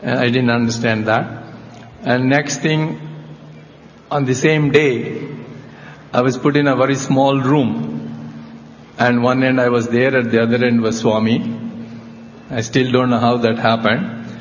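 Slow-spoken older man in a reverberant hall. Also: mid-range voice, fairly even intonation, a little hiss or hum. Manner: slow reflective storytelling. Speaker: cardiac surgeon giving a talk. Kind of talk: personal testimony talk. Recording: dull lo-fi audio with long hall reverb.

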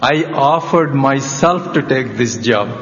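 An older man tells a personal story slowly and reflectively, taking his time over each phrase. His mid-range voice rings with a long hall reverb. The recording is dull and lo-fi. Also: medium pitch, lively intonation, fairly bright tone, slight background noise. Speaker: cardiac surgeon giving a talk. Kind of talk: personal testimony talk.

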